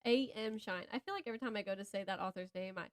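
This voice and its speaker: Racing along in a mid-range voice, this Southern American woman co-hosts a relaxed podcast about books. Her talk meanders, she halts partway through thoughts, and she laughs a lot.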